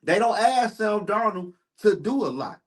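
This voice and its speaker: A man's voice: high-pitched, animated, a little slow. A man hosting a live sports stream, ranting heatedly and profanely while answering his chat.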